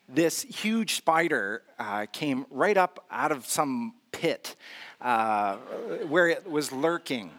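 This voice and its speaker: Male pastor, a touch higher than average, relaxed conversational sermon delivery with humorous asides. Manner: storytelling with humor and self-deprecation; conversational, frequent "uh" fillers.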